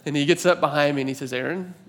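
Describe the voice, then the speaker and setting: A man in his thirties preaching a sermon, telling a personal story in a conversational, animated way with filler words. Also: on the high side, very fast. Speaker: pastor.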